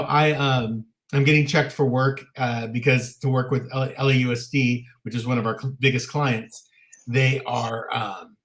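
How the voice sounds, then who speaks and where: A man's voice: medium pitch, fairly bright tone. A man co-hosting a casual talk show livestream, chatty and often restarting his sentences. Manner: chatty, frequent self-restarts. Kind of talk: casual chat. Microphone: livestream setup.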